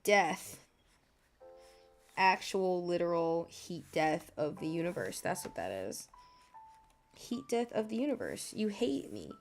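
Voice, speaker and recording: A woman's voice: fairly low pitch, sing-song, takes it slowly, gravelly, pauses often, soft background music. A woman streaming her art, chatting casually and muttering exasperated asides to herself, swearing and laughing as she goes. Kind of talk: casual chat while drawing.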